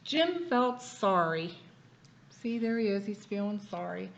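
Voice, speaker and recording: A woman's voice: mid-range voice, unhurried, creaky, muffled recording, slight background noise. A woman reading a picture book aloud to a child, pointing out what is in the pictures as she goes. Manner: lively, explains the pictures as she reads.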